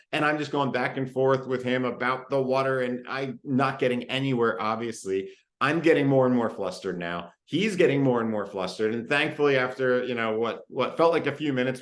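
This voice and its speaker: A man in his thirties giving a parenting talk, relaxed and conversational with frequent fillers. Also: mid-range voice, roomy sound. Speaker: parenting presenter. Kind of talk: recorded parenting talk with personal story.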